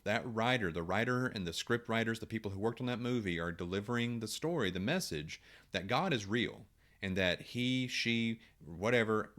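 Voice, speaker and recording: Low-voiced man musing to camera. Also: a bit bright. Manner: conversational, rhetorical questions, frequent fillers and restarts. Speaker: writer. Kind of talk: casual monologue to camera.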